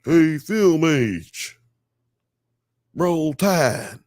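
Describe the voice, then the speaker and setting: A man putting on the voice of a rowdy male football fan, loud and drawling. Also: on the high side, lively intonation, drawn-out words, dry recording, studio quality, pitched above the performer's own voice.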